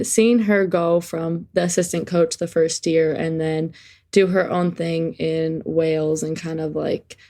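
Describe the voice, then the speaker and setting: Young woman soccer player, lower voice. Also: a little mellow. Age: 20s. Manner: earnest, upbeat, frequent fillers. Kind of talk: casual interview answers.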